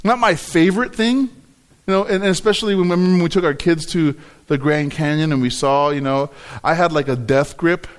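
Middle aged guy preaching, pretty high voice, tells stories and acts out what he said. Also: normal speed. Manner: storytelling, acts out his own reactions. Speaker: pastor. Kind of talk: sermon.

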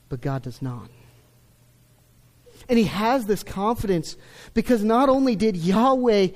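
A middle-aged man preaching a sermon, stressing key words loudly and then dropping to a hush. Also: sits high. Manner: emphatic, swings between loud stresses and hushed lines. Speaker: pastor.

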